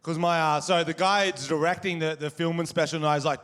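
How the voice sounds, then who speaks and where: An Australian man doing stand-up comedy, telling crude, animated stories on stage. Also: on the high side, fast, hardly any pauses. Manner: crude, animated storytelling with crowd laughter. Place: live comedy venue with audience. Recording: live stage recording with crowd. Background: audience laughter.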